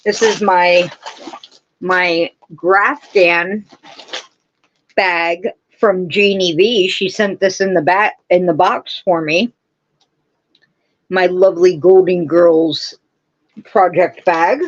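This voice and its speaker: A woman's voice: fairly low pitch, steady tone, slow pace, long pauses, lo-fi sound. A woman hosting a live crafting stream, rambling casually and answering her viewers' comments as she goes.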